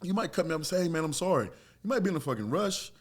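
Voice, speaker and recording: A man in his forties, a former fighter, spinning stories in loose conversation. His speech is blunt and peppered with profanity, and it turns animated as the tales build. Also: a little high, fast talker. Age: 40s. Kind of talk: casual storytelling chat.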